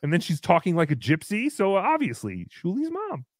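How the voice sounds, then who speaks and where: A man hosting a comedy livestream, reading out viewer messages in a goofy, mocking way and jumping into loud cheers. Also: high voice, wildly swooping pitch, normal speed, no room sound, clean studio sound. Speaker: livestream host. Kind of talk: casual comedy livestream chat.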